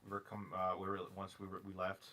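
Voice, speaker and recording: A young man co-hosting a casual podcast, telling a story in halting bursts with repeated words and restarts. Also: low-pitched, monotone, sharp tone. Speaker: co-host.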